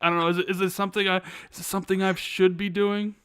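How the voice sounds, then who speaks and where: Man, podcast co-host, bright fairly high voice, stammering casual chat, dry close mic. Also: little pitch movement, fast, smooth, dry recording. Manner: stammers, repeats words, chuckles.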